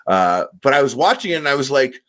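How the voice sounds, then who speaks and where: A man with a mid-pitched, ordinary voice talks loosely on a podcast. He wanders through his thoughts and leans on "like" again and again. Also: big pitch swings, fast, a bit bright. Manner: rambling, heavy use of "like" fillers. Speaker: podcast co-host. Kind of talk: casual podcast chat.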